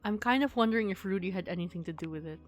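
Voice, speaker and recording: A woman's voice: mid-range voice, racing, soft background music. A woman streaming a video game who reads dialogue aloud and reacts with blunt outrage and swearing on a close desk mic. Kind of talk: game let's play commentary.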